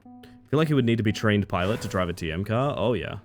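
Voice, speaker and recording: A man with a lowish voice talks fast and with plenty of energy, faint music playing behind him. He's live-streaming a racing game, chatting casually while he plays and joking around with his viewers' comments.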